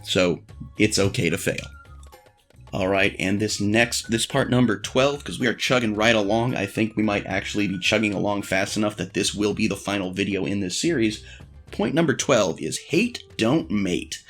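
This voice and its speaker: A man's voice: lowish voice, moderate pace, fairly bright tone, faint music behind. A man vlogging frank dating advice in a blunt, profane, self-deprecating casual monologue.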